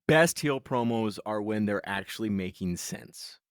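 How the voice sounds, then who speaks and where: Guy cohosting a wrestling podcast, jokey and sarcastic, pitch all over the place. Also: unhurried, dry recording, studio quality. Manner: sarcastic, animated joking. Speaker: podcast co-host. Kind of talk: casual wrestling recap chat.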